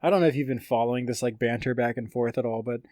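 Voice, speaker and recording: A man co-hosting a podcast, talking at a medium pitch in a loose, rambling way full of "like" and "you know" as he walks through fight news and reads quotes aloud. The sound is dry and close, with almost no room echo. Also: fairly even intonation, fast, a little mellow. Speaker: podcast co-host. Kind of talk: casual podcast chat about fight news.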